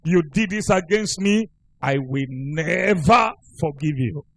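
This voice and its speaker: A wounded, betrayed wife reproaches her husband with indignation, as a male preacher puts her on. The voice runs fairly high. She sounds hurt and unforgiving. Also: animated, slow pace, a bit bright, no room sound, heavily acted. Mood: indignant.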